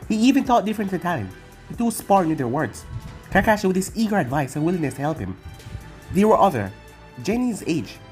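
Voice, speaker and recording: A narrator reading fan fiction aloud in an even, machine-like way, with odd misreadings. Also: medium pitch.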